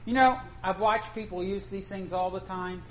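A woman's voice: medium pitch, normal speed, slight background noise, poor audio. Woman, preacher, folksy storytelling sermon, chatty, asks the congregation questions.

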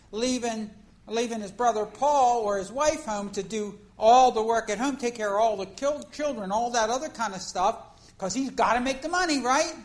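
A woman preacher giving a conversational sermon, telling a story in an animated way and acting out the scenes. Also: on the high side, poor audio.

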